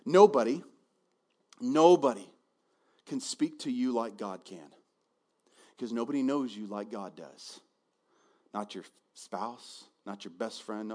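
A male pastor preaching a sermon in a conversational, animated way, often repeating words as he goes. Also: lowish voice, slow pace, long pauses.

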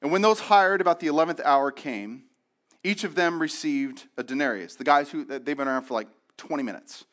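A man preaching a sermon in a conversational, animated way, acting out the reactions of the people in the story he retells. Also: on the high side, fairly quick. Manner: conversational with frequent restarts and asides. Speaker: pastor.

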